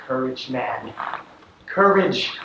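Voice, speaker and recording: A teenage actor on a school stage playing a stern male judge who questions in a measured, commanding way. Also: medium pitch, lively intonation, fairly bright tone, muffled recording, a little hiss or hum. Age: late teens. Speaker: student actor. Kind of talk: stage acting in a school play. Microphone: distant camera in the audience. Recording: echoey hall from far off.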